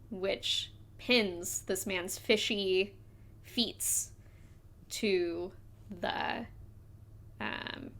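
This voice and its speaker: A woman's voice: mid-range voice, a bit bright. A woman narrating a live tabletop game as game master, rambling with fillers and restarts.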